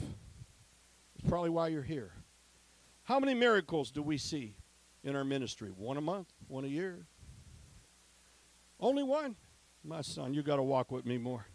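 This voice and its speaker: A man preaching and telling a healing testimony, swinging between loud declarations and hushed storytelling. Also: a little high, big pitch swings, a little slow, gravelly, pauses often. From Ohio.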